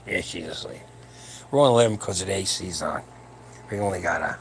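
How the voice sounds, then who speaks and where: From home, as his wife sleeps nearby, a man in his seventies hosts a late-night stream for his powerlifting channel, rambling with crude humor. His voice is low and gravelly, brisk and expressive, with slight background noise.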